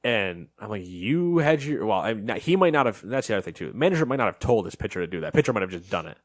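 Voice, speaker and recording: A man co-hosting a casual podcast chat, telling a story in an animated way and acting out what people said. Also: fairly low pitch, quick pace, no room sound, clean studio sound. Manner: animated storytelling, acts out quotes. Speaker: podcast co-host.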